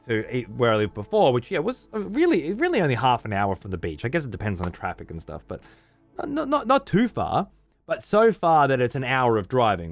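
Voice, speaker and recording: Laid-back, profane man. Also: medium pitch. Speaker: game streamer. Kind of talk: casual stream chat.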